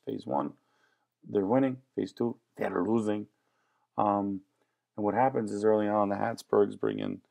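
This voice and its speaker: Gravelly-voiced male history teacher. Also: lowish voice, warm tone. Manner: casual and joking. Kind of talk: classroom lecture.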